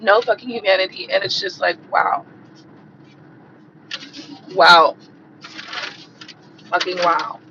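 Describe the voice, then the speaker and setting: Woman streamer with a cold: hoarse, gravelly, bright-edged voice, blunt and profane, hammering the same points over dull lo-fi audio. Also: medium pitch, brisk, hardly any pauses, slight background noise. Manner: blunt, profane, repeats herself for emphasis. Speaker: tarot reader hosting a livestream. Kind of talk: profane rant on a live stream.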